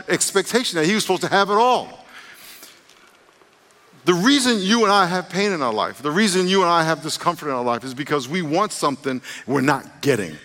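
Male pastor, sermon with comic storytelling, bright forceful tone, long church-hall reverb. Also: fairly high pitch. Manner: jokey, animated storytelling, acts out characters.

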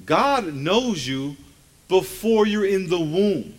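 Emphatic man preaching a lively sermon. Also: sits high, slow pace. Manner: emphatic, calls for congregation responses; conversational, with folksy asides. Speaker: pastor.

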